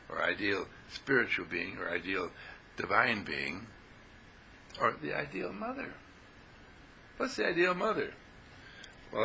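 A man with a strongly gravelly voice gives a spiritual talk to a small group. His tone is forceful and swings widely in pitch as he acts out little scenes. He laughs often along the way. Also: a little hiss or hum, low-quality recording. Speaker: spiritual teacher.

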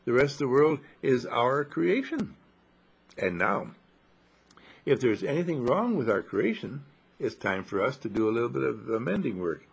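An older man giving a gentle, rambling, folksy talk, chuckling as he reflects. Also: mid-range voice, very animated, normal speed, vocal fry, slightly rough. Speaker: inspirational speaker.

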